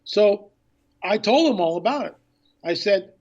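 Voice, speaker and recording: A man guesting on a radio interview as an author and filmmaker, telling a story with excitement and acting out past conversations. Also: high-pitched, a little slow, dull audio.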